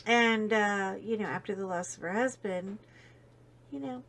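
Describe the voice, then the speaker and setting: Chatty woman host, casual storytelling with lively swings. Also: medium pitch, unhurried. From United States. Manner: chatty storyteller, animated, wandering asides. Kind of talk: casual chat while coloring.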